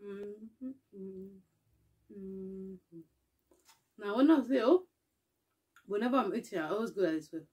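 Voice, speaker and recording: A young woman, chatting casually to camera as a vlogger, laughing often and trailing off into soft mumbles. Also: mid-range voice, lively intonation, fast, long pauses, breathy edge.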